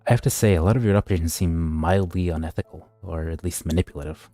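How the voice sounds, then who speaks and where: A man's voice: deep voice, fast, dark tone, no room sound, faint music behind. A man reading a polite, wary undercover agent. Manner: polite, hesitant, with stumbles.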